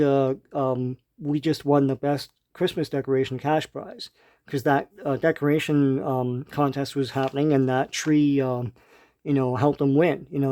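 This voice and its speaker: Man, mellow voice, casual comic review, rambling, lots of ums. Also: medium pitch. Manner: rambling, full of ums and restarts; laughs lightly between remarks.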